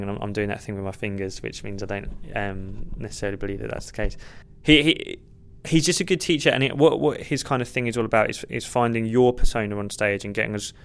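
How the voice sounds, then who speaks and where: A man's voice: mid-range voice, fairly bright tone, clear, resonant tone. A young man, a stand-up comedian, answering interview questions in a rambling, self-deprecating way with many restarts. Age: young adult. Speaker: stand-up comedian, podcast guest. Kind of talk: earnest conversational interview.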